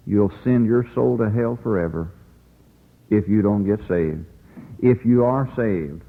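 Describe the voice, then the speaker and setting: A man's voice: fairly low pitch, in a large hall, narrow, tinny audio. A man preaching a revival sermon in a folksy, pleading way, telling the story dramatically as an evangelist.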